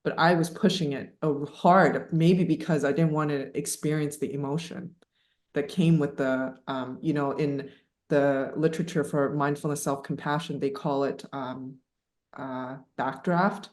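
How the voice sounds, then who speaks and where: A woman's voice: deep voice, unhurried. Chatty woman guest, echoey room. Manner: animated, laughing, many fillers. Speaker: podcast guest. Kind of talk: casual storytelling interview.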